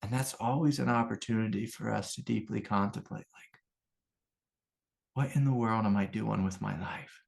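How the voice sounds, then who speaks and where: A man's voice: lowish voice, normal speed, gravelly. A middle-aged American man, a meditation teacher, giving an informal, rambling spiritual talk full of anecdotes and fillers. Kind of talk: casual spoken satsang talk.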